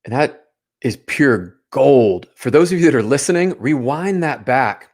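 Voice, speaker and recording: A man's voice: medium pitch, animated, unhurried, a little mellow. A man hosting a casual interview show, enthusiastic and affirming toward his guest. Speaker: host.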